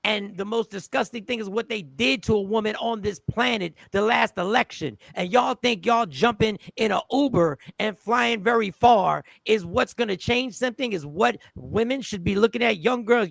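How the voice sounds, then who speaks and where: High-voiced man ranting on his show. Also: moderate pace, gravelly, hardly any pauses, a bit bright, no room sound. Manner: fired-up, preachy rant. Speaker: show host. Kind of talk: ranting livestream talk show.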